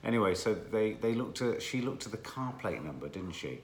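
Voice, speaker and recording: A man's voice: lowish voice, very animated, fairly quick. A man co-hosting a casual family chat reviewing a TV series, thoughtful and musing. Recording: echoey room, faint noise.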